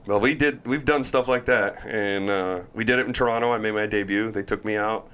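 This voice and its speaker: Lively lower-voiced man telling a story. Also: a little fast, clear, resonant tone. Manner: animated storyteller, acts out voices, laughs while talking. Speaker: former pro baseball pitcher, podcast guest. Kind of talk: casual storytelling chat.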